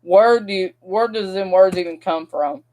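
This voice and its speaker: Young adult woman, mid pitch; casual rambling vlog rant, exasperated, talks straight to viewers. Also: moderate pace, mellow. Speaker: vlogger.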